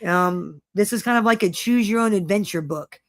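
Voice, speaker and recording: A woman's voice: mid-range voice, normal speed, no room sound, clean studio sound. A woman co-hosting a casual chat, swearing freely and telling stories with lots of energy. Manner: profane, animated storytelling. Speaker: co-host.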